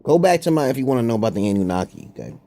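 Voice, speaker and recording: A man's voice: mid-range voice, big pitch swings, racing, mellow. A man rambling through a profane, confrontational monologue to his viewers, with frequent "okay?" asides. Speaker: online commentator.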